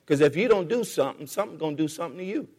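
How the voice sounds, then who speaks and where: A man's voice: a little high, lively intonation, racing, darkish tone, in a large hall. A man preaching a sermon in a church, rhythmic and repetitive, calling on the congregation to respond. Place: church sanctuary.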